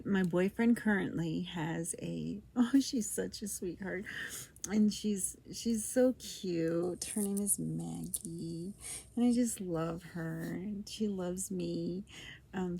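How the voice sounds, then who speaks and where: A middle-aged woman telling a personal story in a rambling, reminiscent way, full of fillers and restarts, sometimes dropping into a soft whisper. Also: on the low side, creaky, slightly rough.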